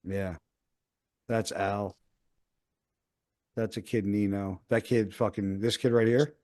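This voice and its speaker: A man's voice: on the low side, fairly even intonation, slow pace, darkish tone. A man in his thirties, a podcast host, telling a rambling story in casual chat and swearing often.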